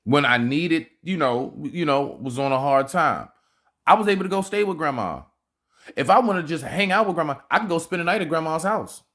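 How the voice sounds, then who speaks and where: A man's voice: a little high, animated, a little fast, fairly bright tone. A man hosting a reaction video, giving casual, slangy commentary and swearing freely.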